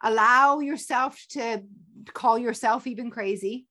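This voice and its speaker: Woman host coaching listeners, emphatic and energetic, fairly high-pitched. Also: a little slow. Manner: energetic and emphatic, with playful sound effects. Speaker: motivational coach and podcast host. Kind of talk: motivational talk.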